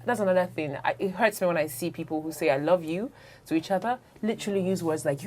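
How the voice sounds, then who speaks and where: A woman's voice: on the low side, fast. A married woman on a talk show panel, chatting candidly about arguments and acting out what was said, often laughing. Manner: animated, laughing, acts out quoted arguments. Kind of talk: candid casual panel chat.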